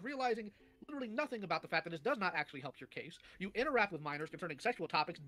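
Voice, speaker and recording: Fast, high-pitched, lecturing man. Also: pushed and bright. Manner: lecturing, exasperated, rapid. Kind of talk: heated online debate.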